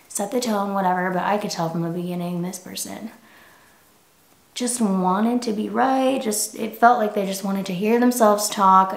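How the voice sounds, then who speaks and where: A woman in her twenties vlogs to camera in a mid-range voice, chatting casually and frankly and saying "like" a lot. The recording sounds roomy.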